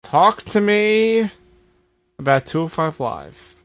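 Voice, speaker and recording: Male co-host, deadpan comic timing, animated intonation, dry close recording. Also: high-pitched, takes it slowly, no echo. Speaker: podcast co-host. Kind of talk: casual chat.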